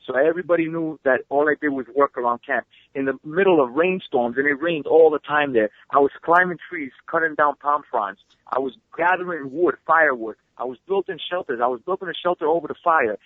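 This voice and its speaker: A man with a fairly high voice races through his stories at high speed, excitable and swearing freely. His voice comes down a tinny phone line with a dry, close sound. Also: no room sound. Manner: fast, excitable storyteller who swears freely. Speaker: guest. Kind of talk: animated storytelling, casual interview. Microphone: phone call.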